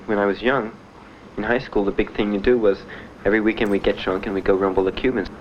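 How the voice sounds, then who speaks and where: A young American veteran from Miami tells his own story bluntly and matter-of-factly, dropping in dry laughs, as candid spoken testimony. His fairly low voice holds a steady tone at a fast clip. The recording has its highs cut off and a slight background noise.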